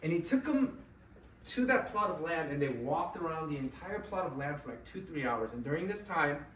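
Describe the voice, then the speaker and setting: A man telling a story live to an audience at an event, animated and often checking in with "right?". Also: on the high side, normal speed, a little hiss or hum. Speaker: motivational speaker at an event. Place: event venue. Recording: echoey room, mic at a distance, faint ambience.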